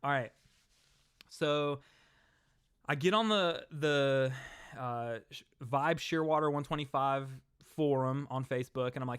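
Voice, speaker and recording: Young male host, casual chatter to viewers, clean resonant tone, mid pitch. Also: unhurried, long pauses, fairly bright tone, smooth, no room sound, studio quality. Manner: chatty, rambling, talks to chat viewers. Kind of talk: casual livestream chat.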